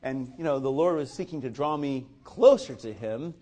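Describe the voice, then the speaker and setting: A man's voice: medium pitch, moderate pace. A man sharing a personal faith testimony in a casual storytelling way, chuckling often and talking loosely with lots of fillers. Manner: acts out other people's lines in lively quoted voices.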